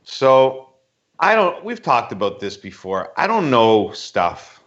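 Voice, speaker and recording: A man's voice: medium pitch, sing-song, takes it slowly, a bit bright, muffled recording. A man co-hosting a casual podcast, telling stories about himself and laughing often. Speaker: podcast co-host.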